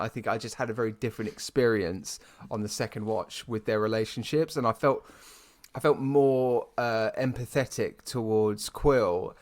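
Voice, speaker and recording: A British man co-hosting a podcast, chatting casually about a film and ranting with lots of restarts. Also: medium pitch. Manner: animated, ranting, with many restarts. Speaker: podcast co-host. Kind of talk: casual film review chat.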